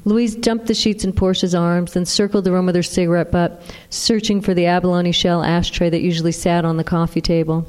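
A woman narrating an audiobook in a steady, even reading. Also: lowish voice, fairly quick, smooth. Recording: long reverb.

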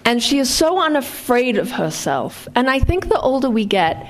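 A woman's voice: high voice, big pitch swings, moderate pace. A woman born in England reading her own memoir with dry wit, then talking about writing it. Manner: dry, wry storytelling.

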